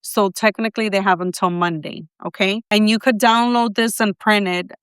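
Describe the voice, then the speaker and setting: Chatty accented woman, smooth dry voice. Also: medium pitch, fairly even intonation, moderate pace, a bit bright, dry recording. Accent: non-native English accent. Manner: chatty, rambling, asks herself what things are called. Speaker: loan signing agent and notary. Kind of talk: casual show-and-tell vlog. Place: Florida, USA.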